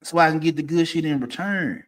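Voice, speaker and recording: A man, ranting casually and profanely, swinging from low mutters to loud, emphatic bursts. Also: fairly quick. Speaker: streamer giving opinions.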